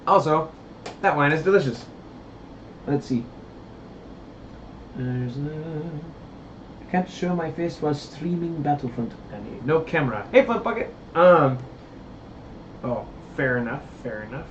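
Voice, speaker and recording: A man's voice: a little high, animated, a little slow, pauses often. A man hosting a casual live stream while building puppets, rambling and answering chat comments. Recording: roomy, dull, faint hiss.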